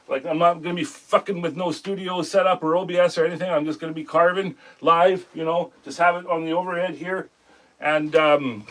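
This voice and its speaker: A man's voice: a little high, fairly bright tone. A man hosting a woodcarving live stream, chatting casually and rambling as he greets viewers by name and talks about his work. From Canada.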